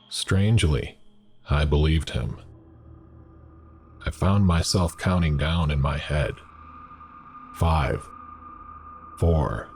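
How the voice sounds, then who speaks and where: Man, horror narrator, extremely deep voice, slow measured reading, deliberate. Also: a little mellow, a little hiss or hum.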